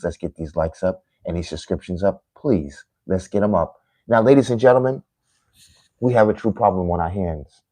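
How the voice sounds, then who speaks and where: A man's voice: medium pitch, darkish tone, dry recording, rough recording. A man giving an impassioned political rant on a livestream, lecturing his viewers and addressing them directly.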